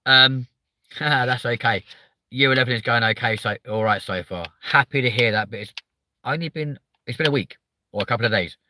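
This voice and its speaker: There's background noise as this southern English streamer talks in a mid-range voice at a moderate pace. Reading out viewer comments, he's casual, hyper, and heavily profane.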